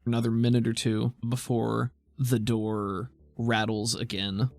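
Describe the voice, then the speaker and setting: A man's voice: medium pitch, little pitch movement, unhurried, gravelly, soft background music. A man narrating as game master in a tabletop game, with playful, descriptive banter.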